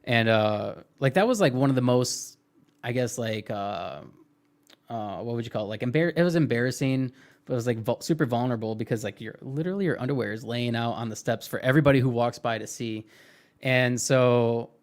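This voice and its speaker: A young man guest on a podcast, recalling his past in a reflective, halting way with many fillers. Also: medium pitch. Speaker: interview guest. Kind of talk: casual podcast interview.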